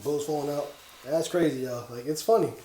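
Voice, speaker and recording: A man's voice: a little high, fairly quick, roomy sound, a little hiss or hum. A man co-hosting a casual gaming podcast, rambling and laughing as he tells stories. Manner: laughing, excitable, rambling storyteller. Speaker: podcast co-host. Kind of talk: casual chat.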